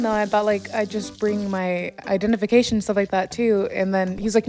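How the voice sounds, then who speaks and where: A woman's voice: mid-range voice, fairly even intonation, a little fast, faint music behind. A young woman vlogger telling a story in a long, exasperated, rambling rant full of fillers while she plays a game. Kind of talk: casual late-night gaming rant. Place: home, at night.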